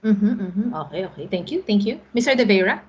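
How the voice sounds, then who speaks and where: A woman's voice: mid-range voice, lively intonation, brisk, lo-fi sound, a little hiss or hum. A middle-aged Filipino woman teaching an online class, explaining patiently and often checking in with the students.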